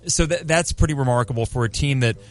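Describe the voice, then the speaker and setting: A man's voice: medium pitch, quick pace, faint music behind. A man co-hosting a casual sports talk show, joking and self-deprecating, tending to ramble.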